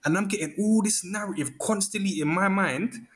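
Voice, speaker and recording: Animated man in casual chat. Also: sits high, normal speed. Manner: animated, acts out inner thoughts in quoted asides.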